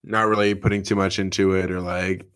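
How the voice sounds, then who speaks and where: A man's voice: low voice, level tone, a bit bright, clear, resonant tone. Chatty man chiming in on a podcast. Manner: chatty, swears, chimes in with quick agreement. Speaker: podcast panelist discussing a film. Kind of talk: casual chat.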